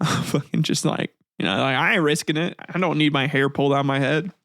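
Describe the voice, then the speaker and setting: A man's voice: fairly high pitch, brisk, creaky, fairly bright tone, no room sound, clean studio sound. A man hosting a comedic history podcast, reading old text aloud and breaking off into rambling, swearing asides with frequent laughter. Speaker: podcast host.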